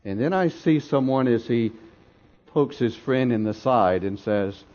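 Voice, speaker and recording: A man preaching a dramatic sermon, telling a story with swells of intensity and drops to hushed tones, in a dull lo-fi recording. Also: medium pitch, lively intonation, measured pace. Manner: dramatic, swelling then dropping to near whispers.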